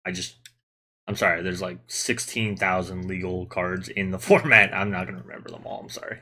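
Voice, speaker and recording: A man with a low-pitched but bright, forceful voice runs a loose gaming podcast. He talks at length, laying out rules and ribbing his co-hosts. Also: fairly quick. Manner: chatty, explains rules at length, teasing. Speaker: podcast host. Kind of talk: casual gaming podcast chat.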